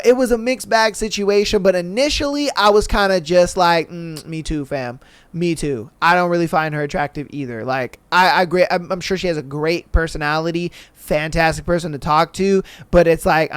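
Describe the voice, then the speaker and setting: Animated high-voiced male podcast host. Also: smooth, no echo. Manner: animated, profane, slangy, mimics people he talks about. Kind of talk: casual recap commentary.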